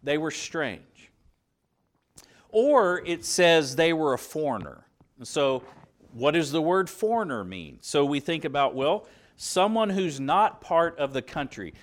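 Male preacher, southern Indiana roots, animated pitch, conversational sermon delivery. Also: a little slow. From southern Indiana, USA. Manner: earnest, conversational preaching with fillers and restarts.

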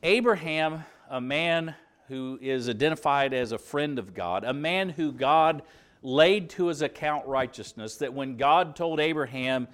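A man's voice: a little high, unhurried, a bit bright. A man from southern Indiana preaching a sermon, earnest and conversational, with fillers and restarts. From southern Indiana, USA.

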